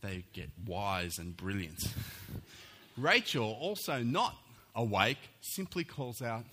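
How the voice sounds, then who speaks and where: Man, pastor, sermon storytelling, bright voice, very lively pitch. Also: slow, breathy edge. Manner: animated storytelling, acts out voices.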